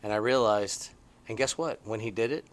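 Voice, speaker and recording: A middle-aged man co-hosting a podcast, chatting casually from a porch outdoors and telling stories with excited, swinging emphasis. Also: normal speed, slight background noise. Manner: animated, excitable storytelling with big swings in pitch. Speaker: podcast co-host. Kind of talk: casual chat.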